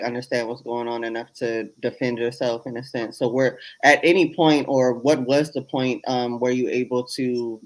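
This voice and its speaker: A woman's voice: extremely low pitch, low-quality recording. A woman co-hosting a podcast, reacting with sympathy and asking hesitant follow-up questions. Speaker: podcast co-host. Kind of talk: interview questions.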